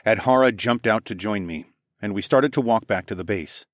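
A man narrating a first-person story in a relaxed, expressive audiobook reading. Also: fairly low pitch, moderate pace, dry recording, clean studio sound.

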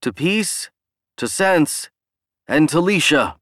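Booming rally leader, loud and raised high, read by a man narrating. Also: animated, slow, no room sound, studio quality. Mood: rousing. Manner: booming, near shouting. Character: booming male human leader rallying a crowd.

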